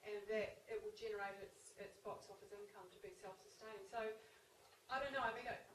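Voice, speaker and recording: A woman's voice: mid-range voice, fairly even intonation, fairly quick, fairly bright tone. A woman, speaking in a thoughtful, hesitant way as she asks a panel a question. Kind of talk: asking a panel. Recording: echoey far-off room with hiss.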